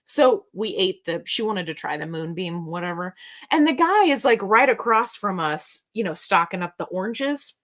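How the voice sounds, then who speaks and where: A woman's voice: medium pitch, expressive, moderate pace, fairly bright tone. Chatty woman hosting a live Q&A. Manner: chatty, rambling, jokey storytelling. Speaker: host. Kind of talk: casual livestream Q&A chat.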